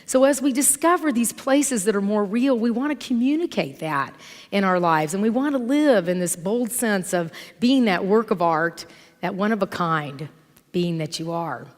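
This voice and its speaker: Woman minister, middle-aged, conversational sermon, animated storyteller, mid pitch, church reverb. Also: moderate pace. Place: church sanctuary. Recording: long hall reverb from church.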